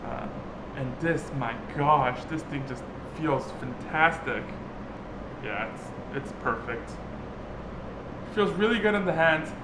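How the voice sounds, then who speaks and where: Man, casual DIY vlog, home workshop, slightly high voice, chatty with fillers, echoey room, music behind. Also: animated, slow, background noise. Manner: chatty, filler-heavy, restarts often. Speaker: DIY vlogger. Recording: roomy workshop, music playing underneath.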